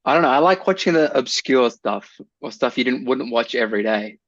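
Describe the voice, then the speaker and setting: A man's voice: medium pitch, animated, fairly quick, a bit bright, no room sound. Guy cohosting a chat podcast, laughs a lot, kinda rambly, dry dull mic. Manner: chatty, laughs often, trails off with "I don't know". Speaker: podcast co-host. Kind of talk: casual chat.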